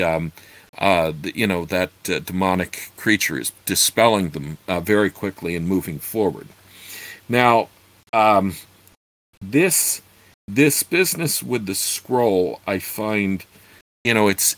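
A man's voice: on the low side, fairly bright tone, dry recording. A man reading a fantasy novel aloud and breaking off for hesitant commentary with many fillers. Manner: hesitant asides full of fillers, formal reading voice. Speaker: reader and commentator.

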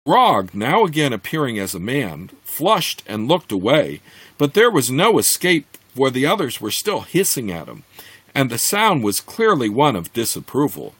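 A man reading a fantasy novel aloud, expressive, with occasional slips and restarts. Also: mid-range voice, a little slow, breathy edge, no echo. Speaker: reader.

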